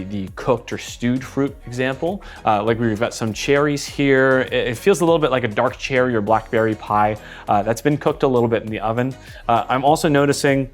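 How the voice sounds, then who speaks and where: Relaxed man talking through a wine tasting. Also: medium pitch. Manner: relaxed, thinking aloud with many fillers. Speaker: wine taster for a wine seller. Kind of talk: casual product tasting talk.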